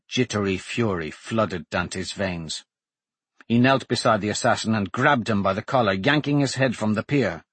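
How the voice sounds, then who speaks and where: A man narrating an audiobook in a measured, dramatic storytelling manner. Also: lowish voice, a bit bright, breathy edge, no echo.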